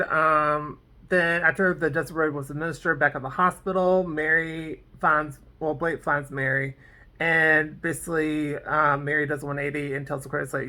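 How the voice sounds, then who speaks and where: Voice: medium pitch, bright, forceful tone. A vlogger casually recapping a TV episode, rambling off on tangents with lots of "like" and "um". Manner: fillers like "like" and "um". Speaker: TV episode reviewer.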